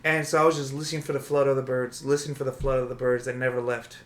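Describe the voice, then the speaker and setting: A man's voice: mid-range voice, fast talker. A man hosting a podcast, chatting casually and telling stories, acting out the people he quotes. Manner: storytelling, animated when quoting people. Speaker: podcast host.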